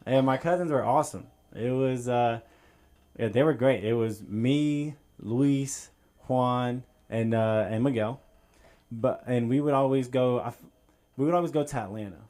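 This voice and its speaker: A man's voice: medium pitch, a little slow, dark tone. A man doing a stand-up set on a club stage, telling a story in a loose, rambling way with plenty of fillers. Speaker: stand-up comedian.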